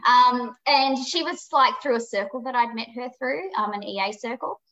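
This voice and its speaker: A woman with a fairly high, bright voice tells her story as a podcast guest. She is frank and emphatic, swears freely and acts out past conversations. The audio is dull and lo-fi. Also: moderate pace. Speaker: podcast guest, psychic medium.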